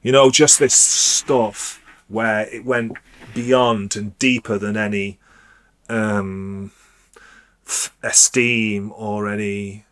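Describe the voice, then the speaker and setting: A man, a DJ guest telling a personal story in a rambling, halting way, full of restarts. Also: fairly low pitch, little pitch movement, a bit bright. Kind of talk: casual storytelling.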